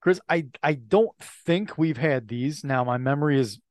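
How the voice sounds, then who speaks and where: Middle aged guy, laid back podcast chat, a bit higher voice, dry mic. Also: moderate pace, darkish tone, dry recording. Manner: easygoing, lots of agreeing murmurs. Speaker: podcast co-host. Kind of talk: casual chat.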